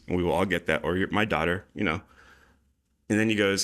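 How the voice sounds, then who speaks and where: A man with a very deep, low voice, chatting loosely on a livestream. He sounds excitable and casual and drops curse words as he riffs. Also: brisk. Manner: loose, excitable, swears freely. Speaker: podcast co-host.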